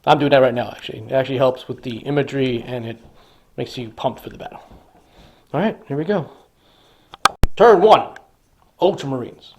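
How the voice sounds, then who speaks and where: A man's voice: medium pitch, fast, a little mellow, a little hiss or hum. A man casually narrating a tabletop wargame battle report, enthusiastically dramatizing the action. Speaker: hobby wargamer.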